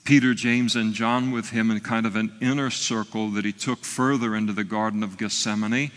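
A man's voice: fairly low pitch, fairly even intonation, moderate pace, in a large hall. A man preaching a sermon, retelling a story in a conversational way with frequent fillers and restarts. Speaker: pastor.

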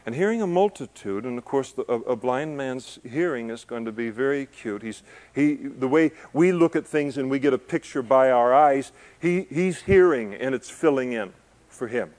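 A man preaching a conversational sermon, joking in asides, building to loud emphasis and then easing down soft. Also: medium pitch, expressive, normal speed. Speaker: pastor. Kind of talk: expository sermon to a congregation.

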